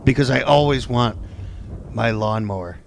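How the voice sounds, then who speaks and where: A man's voice: medium pitch, moderate pace, gravelly, slight background noise. A man co-hosting a podcast, trading jokes and crude banter in casual chat. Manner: joking, profane banter. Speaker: podcast co-host.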